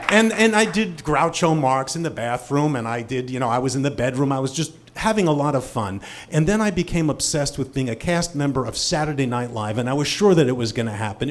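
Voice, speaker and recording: Lively, animated male storyteller. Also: on the high side. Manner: animated, self-deprecating, expressive. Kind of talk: live storytelling.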